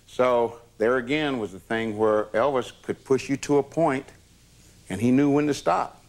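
A man's voice: mid-range voice, moderate pace. An older man in an interview, recounting past events in a plain, matter-of-fact way. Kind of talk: recounting stories.

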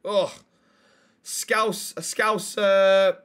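Speaking into a desk mic while he plays, a young streamer trades blunt, sweary banter with his live chat. His voice is slightly high and very bright, and he talks very slowly, with a smooth, steady tone.

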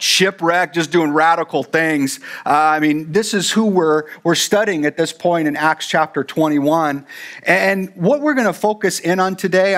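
A man's voice: a little high, a bit bright. A man preaching a sermon as pastor, talking conversationally with rambling fillers and asides. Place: church.

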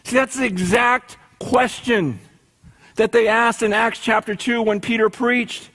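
A middle-aged man preaching a sermon as a pastor, swinging from hushed to urgent and asking the congregation rhetorical questions. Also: very high-pitched, fairly even intonation, a little slow.

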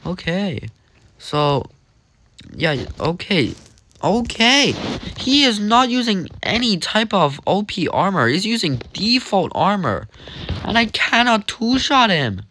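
This young gamer speaks slowly in a high voice, cracking jokes and talking to himself in casual, animated commentary as he plays. A slight hiss or hum sits under the recording.

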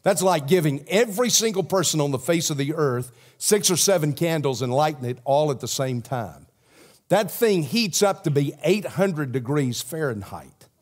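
A man with a Southern accent preaching a sermon as pastor, swinging from loud emphasis to a hushed prayer. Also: a little high, animated, moderate pace. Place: church sanctuary.

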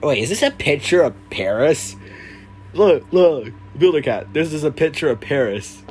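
A man's voice: a little high, animated, moderate pace, darkish tone, soft background music. A man giving casual gaming commentary, reacting with dry sarcastic remarks. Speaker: gamer.

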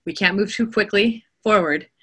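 A woman audiobook narrator and voice actor being interviewed, talking in an animated way, laughing often and acting out quotes. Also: mid-range voice, moderate pace, husky. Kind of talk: interview conversation. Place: home studio.

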